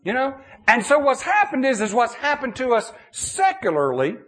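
Animated high-pitched preacher man. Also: normal speed. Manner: animated, folksy, many restarts and "okay?" checks. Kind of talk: sermon with audience questions.

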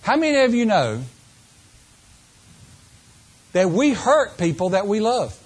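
A man preaching a sermon to a congregation, asking them questions and shifting between slow, drawn-out phrases and quick runs. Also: sits high, sing-song, slightly rough. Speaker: pastor.

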